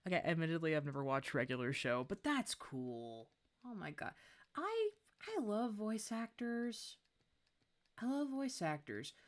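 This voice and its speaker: A young woman streamer chatting as she sketches, excitable and gushing, with frequent laughter. Her voice sits low but swings widely in pitch, so she keeps jumping between murmured asides and bright squeals. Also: unhurried. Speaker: art streamer. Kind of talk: casual livestream chat while drawing.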